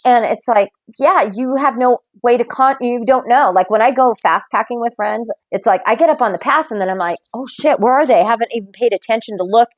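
A woman in casual conversation, an animated storyteller who laughs often. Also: a little high, fairly quick, few pauses, no room sound, rough recording.

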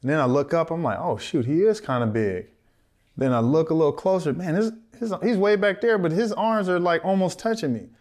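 A man in his thirties tells an animated story on a podcast. His voice sits a little high, and he switches into the voices of the people in his story. He laughs often as he talks. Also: a little fast. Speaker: podcast co-host, former football player.

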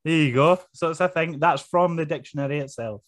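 A man's voice: a little high, fairly quick, dry recording. A man, co-hosting a casual podcast chat, joking and laughing often. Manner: laughs often, jokey and rambling. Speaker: podcast co-host.

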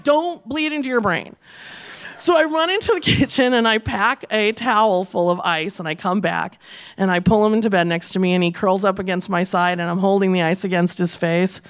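A woman telling a comic personal story, profane and animated, acting out the quoted lines with shouts and laughing through the telling. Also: mid-range voice.

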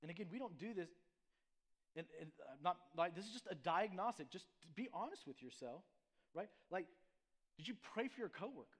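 A man with a high-pitched voice delivers a sermon as a pastor. He talks conversationally, checks in with the congregation, and restarts his phrases often. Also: animated, brisk. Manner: conversational preaching with frequent "right?" and restarts.

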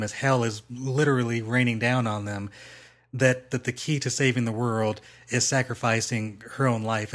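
A man hosting a podcast, talking in a measured, thoughtful way and repeating words as he builds his point. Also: mid-range voice, a bit bright. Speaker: podcast host. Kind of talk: casual chat.

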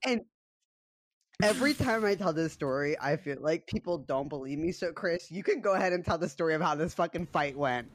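Young male podcast co-host, high pitch, animated storyteller, dry close mic. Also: fairly quick, no echo. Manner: animated storytelling, swearing, laughing often. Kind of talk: casual chat.

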